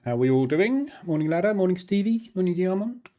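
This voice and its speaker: A man hosting a live trading session, greeting viewers and explaining market news in a casual, halting way with many fillers. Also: high-pitched, very animated, mellow. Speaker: trading room host.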